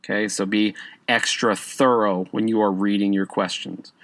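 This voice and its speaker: A man's voice: lowish voice, fairly even intonation, normal speed, a bit bright, no echo. Conversational man teaching test tips. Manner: conversational, repeats "okay?" to check in with listeners; stresses key words with emphatic rises. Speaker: podcast host and exam prep teacher. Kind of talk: casual instructional podcast talk.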